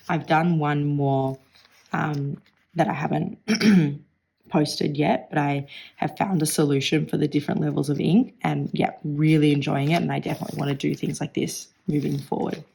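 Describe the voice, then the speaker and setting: A woman with a hoarse, partly lost voice, chatting casually through a stationery flip-through vlog, clearing her throat now and then. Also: deep voice, steady tone, a little slow, a little mellow. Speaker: stationery vlogger.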